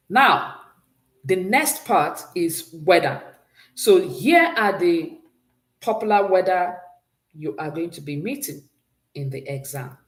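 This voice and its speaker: Encouraging woman teacher in an echoey room. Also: lowish voice. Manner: patient, praises often, drills pronunciation with repeat-after-me prompts. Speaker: French teacher. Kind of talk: exam-prep language lesson.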